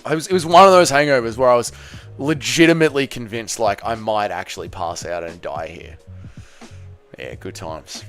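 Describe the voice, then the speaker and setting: A man's voice: medium pitch, normal speed, a bit bright, faint music behind. An Australian man from Tasmania hosting a casual fight-night livestream, bantering with chat and swearing freely. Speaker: livestream host.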